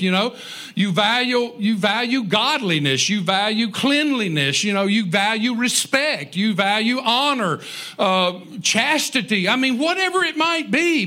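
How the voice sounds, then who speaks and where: A man's voice: extremely high pitch, pushed and bright. A man preaching a sermon in a folksy, conversational way, with joking asides to the congregation. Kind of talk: sermon on parenting.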